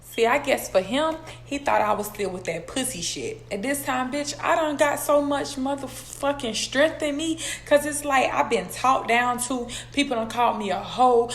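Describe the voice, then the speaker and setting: A young woman, telling a personal story in a casual vlog, blunt, profane and animated as she talks straight to her viewers. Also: high voice, moderate pace, hardly any pauses. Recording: echoey room with faint background noise.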